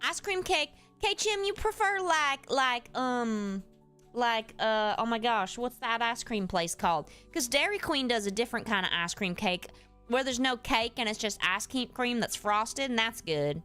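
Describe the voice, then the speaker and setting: In a fairly high, animated voice that's a bit bright and clean, a woman takes her time chatting to stream viewers as a homespun Southern character who calls them y'all. Faint music runs behind her gameplay talk.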